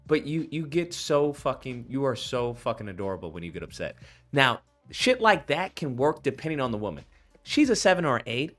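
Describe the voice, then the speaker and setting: A man's voice: mid-range voice, a little fast, faint music behind. A man giving casual, profane commentary on video clips, acting out the people he quotes. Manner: animated, profane, acts out quoted voices.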